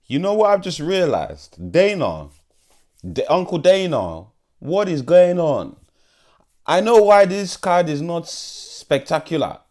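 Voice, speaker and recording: Man faking a booming African accent, exasperated and exclaiming, pitched well up. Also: sing-song, slow pace. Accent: exaggerated African accent, put on. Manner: loud, exclaiming, high-pitched. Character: loud mock-exasperated man with a put-on accent.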